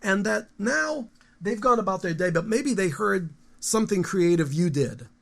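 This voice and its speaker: A man in his fifties, a guest musician, talking casually in an interview in a rambling, animated storytelling way with frequent restarts. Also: high-pitched, normal speed, gravelly. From United States.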